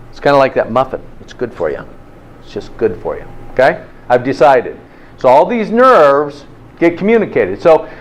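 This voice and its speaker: A man teaching a health class in an informal, interactive way, often checking in with "okay?". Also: medium pitch. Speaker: health instructor.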